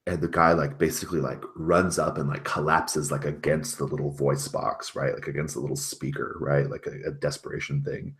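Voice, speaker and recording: A man narrating as game master of a tabletop role-playing game, animated and casual. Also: extremely low pitch, brisk, few pauses. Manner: animated, casual, many fillers.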